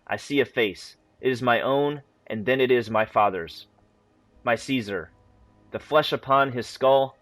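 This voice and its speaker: A man with a mid-range voice reads game lore aloud in a steady, measured way. The sound is dry and close, with almost no room in it. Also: mid-range voice, dry recording, faint music behind. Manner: steady, measured reading with a few casual asides. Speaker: gaming channel host. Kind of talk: reading in-game text aloud.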